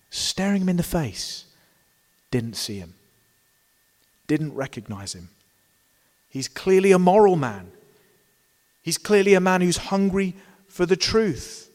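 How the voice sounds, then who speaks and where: A man preaching a sermon in a church, emphatic and dynamic, pressing hard on key words and then dropping to a hushed tone. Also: mid-range voice, long reverb tail. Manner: emphatic, swings between loud stresses and quiet drops.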